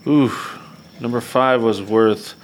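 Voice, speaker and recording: A man's voice: medium pitch, steady tone, slow, slight background noise. A man hosting a casual podcast, laughing often as he reads out lottery numbers between chat. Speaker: podcast host.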